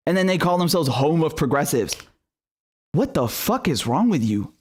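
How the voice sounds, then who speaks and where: A man's voice: a little high, sing-song, moderate pace, darkish tone, breathy edge. Profane, sarcastic man ranting. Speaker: political commentator. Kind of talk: solo commentary rant.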